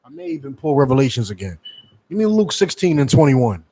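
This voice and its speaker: A man with a medium-pitched, warm, sing-song voice preaches briskly in the fiery style of a street preacher. This preacher and teacher is heated, mocking, and profane, calling on others to read scripture.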